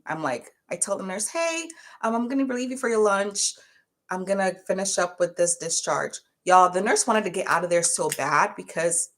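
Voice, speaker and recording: A young woman casually telling a work story to her viewers, chatty and animated as she acts out what people said. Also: on the low side. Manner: chatty, animated retelling with quoted voices. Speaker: vlogger.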